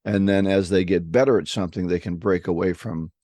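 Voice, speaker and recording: Man, fairly low voice, dry close sound; chatty co-host who spins anecdotes and repeats words as he goes. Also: steady tone, brisk, darkish tone, dry recording. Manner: storytelling, acts out voices in anecdotes; frequent restarts and repeated words. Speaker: podcast co-host. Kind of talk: casual conversation on selling.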